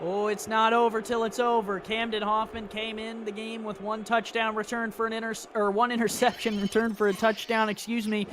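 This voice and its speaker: A man talks through the plays as a color commentator, joking and chatty in a high voice. He leans on fillers as he thinks aloud, and a faint background hiss sits under him. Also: little pitch movement, fairly quick, hardly any pauses. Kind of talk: sports commentary.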